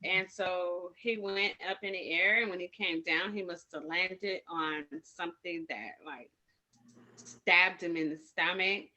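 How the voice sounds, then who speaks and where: A woman's voice: fairly low pitch, steady tone, a little slow, bright, forceful tone. A woman teaching community medics informally, rambling and correcting herself as she tells stories from the street in casual slang. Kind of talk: informal training talk with personal stories.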